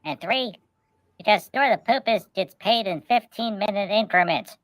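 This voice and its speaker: A woman's voice: medium pitch, moderate pace, no room sound. A woman co-hosting a casual podcast, riffing playfully and rambling through jokes with many restarts. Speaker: podcast co-host. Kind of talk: casual chat, joking riffs.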